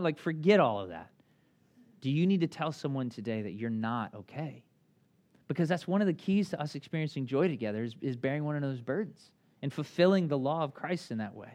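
A man in his thirties preaching a sermon as a pastor, conversational and animated, with acted asides. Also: mid-range voice, fairly quick.

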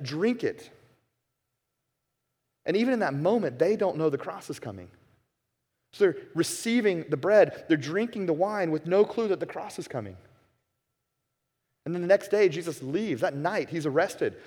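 A male pastor preaching to his congregation with real passion, his fairly high voice moving between hushed, quiet stretches and forceful peaks. The sound carries the long reverb of a church sanctuary. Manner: impassioned, swings from hushed to emphatic. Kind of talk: sermon.

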